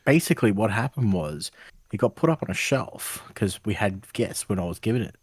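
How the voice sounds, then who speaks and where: A man's voice: on the low side, lively intonation, brisk, slightly rough, no echo, clean studio sound. A man co-hosting a podcast, blunt and wryly teasing his co-host. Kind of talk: casual podcast chat.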